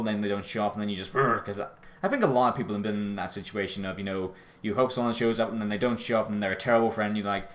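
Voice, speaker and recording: A man giving a casual, rambling episode review, often correcting himself and apologizing, his voice jumping high when he gets out of breath. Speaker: show reviewer.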